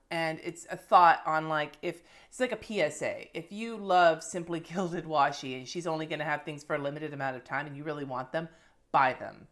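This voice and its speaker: Her voice is low-pitched with a fairly bright tone. She's a planner and lettering vlogger in her thirties, swearing freely in a chatty monthly favorites video while displaying her favorite planner supplies on camera.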